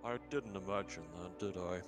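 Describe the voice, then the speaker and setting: Man doing a low, weary, deadpan adventurer. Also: moderate pace, music in the background, close to an everyday voice.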